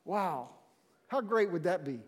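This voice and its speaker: A man delivers a sermon in a chatty, animated way, slipping into the voices of the people in his story. His voice sits high for a man. It rings out with the long echo of a large hall. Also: normal speed. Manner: conversational, animated storytelling with acted-out quotes. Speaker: pastor.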